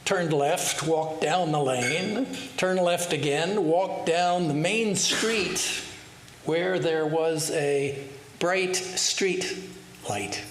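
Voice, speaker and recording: A monk delivers a sermon, slowly spinning out parables and posing rhetorical questions to his listeners. His voice sits a bit high for a man. The recording is roomy, with a faint hiss beneath it. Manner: unhurried, rhetorical questions, storytelling. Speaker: swami giving a talk. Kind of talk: sermon with storytelling.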